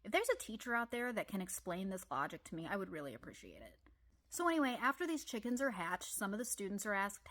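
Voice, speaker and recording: A woman with an Ozarks accent telling comic personal stories, animated with deadpan asides. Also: mid-range voice, fast. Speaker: storyteller. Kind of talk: comedic personal storytelling.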